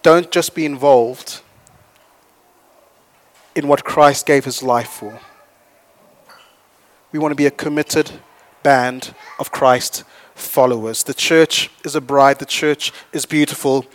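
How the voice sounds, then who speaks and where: A male pastor preaching a sermon, animated, swinging between loud storytelling and soft, slow points. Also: mid-range voice.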